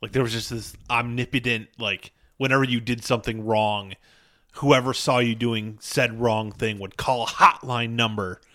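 A man's voice: medium pitch, steady tone, normal speed, a bit bright. A young man in casual podcast chat, joking and sarcastic, swearing often.

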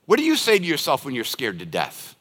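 A man's voice: a little high, huge pitch swings, brisk, fairly bright tone. An older man preaching a sermon as a pastor, telling stories and acting out everyday scenes. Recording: long reverb of a large hall.

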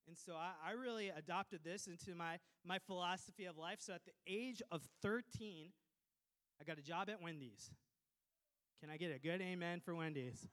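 A male pastor from Minnesota, USA, preaches a lively, joking sermon in a voice that sits high, tossing quick asides to the congregation.

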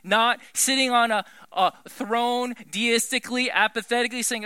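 A man preaching a sermon in an animated, emphatic way, swinging between loud pushes and hushed lines. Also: very high voice, moderate pace, few pauses, clear, resonant tone, no room sound.

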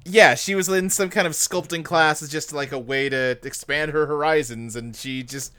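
A man co-hosting a casual podcast with a bright, forward voice that sits a little high. He talks loosely and wryly and laughs easily. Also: normal speed, clean tone. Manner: laughs often, animated and wry. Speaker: podcast co-host. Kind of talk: casual chat.

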